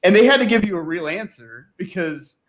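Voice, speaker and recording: A man's voice: sits high, animated, brisk. A man guest telling stories in a casual chat, often laughing and filling with "like". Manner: chatty storyteller, laughs often, fills with "like". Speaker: guest, former magazine staff writer.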